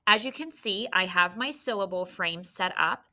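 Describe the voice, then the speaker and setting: A woman teaching a recorded phonics lesson to children, encouraging and clearly sounding out syllables. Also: medium pitch, moderate pace, sharp tone.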